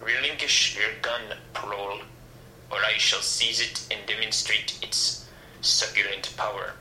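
A man's voice: fairly low pitch, fairly even intonation, unhurried, sharp tone, echoey room, slight background noise, low-quality recording. A man voicing a grandiose male tyrant who speaks with haughty, florid scorn for the common people.

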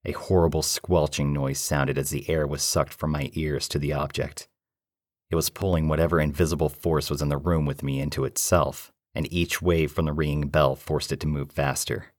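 A man narrating a first-person horror story in a low, steady, measured way. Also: dry recording, clean studio sound.

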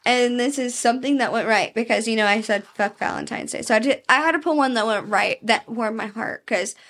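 A woman's voice: a little high, a little fast, fairly bright tone. A young woman co-hosting a podcast, chatting casually, reading stories aloud, laughing often and swearing freely. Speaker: podcast co-host.

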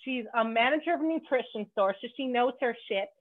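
A woman's voice: on the high side, fairly quick. Bubbly woman podcast host on a phone-like line. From Canada. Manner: bubbly, joking, swears freely. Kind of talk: casual podcast chat. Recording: phone-like narrow band.

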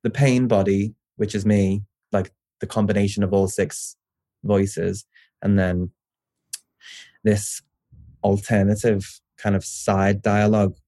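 A man's voice: fairly low pitch, level tone, takes it slowly, warm tone, no echo, clean studio sound. A young man with a Scouse accent, a poet chatting in a casual interview, rambling and restarting, swearing now and then. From Liverpool, England. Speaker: poet, guest.

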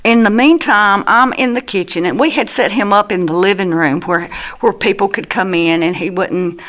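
A middle-aged woman, a mother giving personal testimony in an earnest, halting way with many restarts. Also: mid-range voice, a bit bright.

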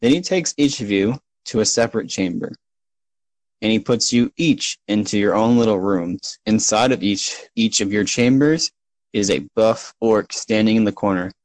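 A man narrating as game master of a tabletop game, relaxed and full of fillers. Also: lowish voice, normal speed, dry recording, poor audio.

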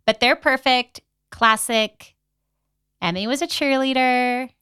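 A young woman co-hosts a casual podcast chat and tells stories with animated flair, acting out her own reactions. Her voice is bright and crisp. The recording is dry and close. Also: high-pitched, slow, no room sound. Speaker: podcast co-host.

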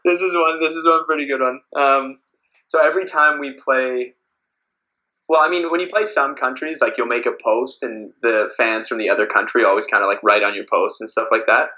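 A man's voice: medium pitch, fairly even intonation, fairly quick, pushed and bright, muffled recording. A man, a podcast guest, chatting casually with lots of fillers and frequent laughs. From Canada. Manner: rambling, laughs often, many fillers. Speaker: podcast guest, beach volleyball player. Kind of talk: casual interview chat.

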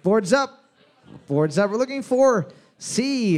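A man's voice: high voice, expressive, darkish tone. A man hosting a bar trivia night over a microphone, reading questions twice and joking crudely between them. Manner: jokey, profane, repeats each question slowly. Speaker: trivia quizmaster.

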